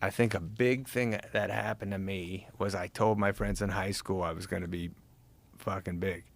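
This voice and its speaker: A middle-aged man, a comedian and actor guest on a podcast, telling animated, swear-heavy stories and acting out quotes in casual conversation. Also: sits low, moderate pace, creaky.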